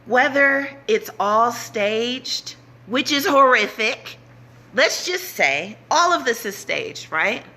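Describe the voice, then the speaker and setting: A woman's voice: fairly high pitch, expressive, slow pace, bright, forceful tone. A woman vlogger talking straight to her audience in an impassioned, urgent way, repeating herself to drive points home. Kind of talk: impassioned direct-to-camera talk.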